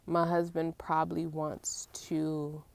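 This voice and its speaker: A woman in her twenties chatting casually to camera as a vlogger, animated and playful, turning aside now and then to talk to her young son. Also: sits low, slow, vocal fry, heavy background noise. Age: 20s. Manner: animated, talks to her child while filming; playful, acts out grandkids and her mother.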